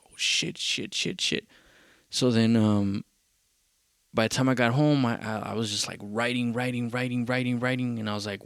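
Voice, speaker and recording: A young man hosting a podcast, telling a rambling story in casual, profane talk and acting out what others said in quick bursts. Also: medium pitch, no echo, studio quality. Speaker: podcast host.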